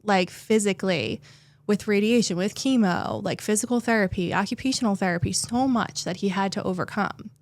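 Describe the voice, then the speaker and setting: A woman's voice: medium pitch, a little fast. A young adult woman, a therapist and guest, telling a personal story in a heartfelt way, sometimes tearful and full of "like" fillers. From New Jersey.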